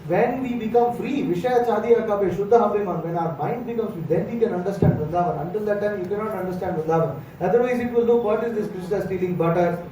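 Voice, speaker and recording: South Indian man, high mellow voice, temple lecturer; roomy distant mic, faint hum. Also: fast. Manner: storytelling, acts out dialogue, many fillers. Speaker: monk lecturer. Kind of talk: morning lecture. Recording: echoey hall, far from mic, faint hum.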